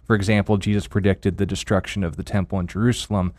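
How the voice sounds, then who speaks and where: A man co-hosting a Bible question show, answering in a quick, wry way with dry asides. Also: low-pitched, little pitch movement, darkish tone, dry recording. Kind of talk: casual radio Bible Q&A.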